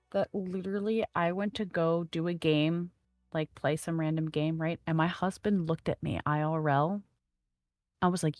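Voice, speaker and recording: A woman, a player in a tabletop game, telling an animated story with lots of laughter. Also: deep voice, moderate pace, no room sound, faint music behind. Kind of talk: casual chat.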